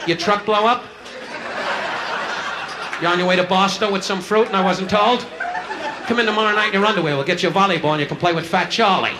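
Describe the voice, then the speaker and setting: A male stand-up comedian doing insult comedy, firing brash, rapid jabs at audience members from a nightclub stage. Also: high-pitched. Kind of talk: insult comedy crowd work. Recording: live club recording, loud laughter, hiss.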